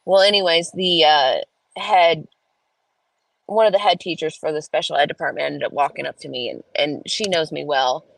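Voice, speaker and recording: Woman vlogger in her thirties, gravelly low voice, chatty and indignant, dry close sound. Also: normal speed, no room sound, poor audio. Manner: chatty, indignant, jumps into high voices when quoting her kids. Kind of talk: casual storytelling vlog.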